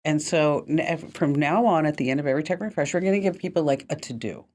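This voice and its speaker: A woman hosting a tech podcast, chatting casually and telling animated stories with frequent laughter. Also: sits low, quick pace. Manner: animated storyteller, laughs often. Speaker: podcast host. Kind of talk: casual chat.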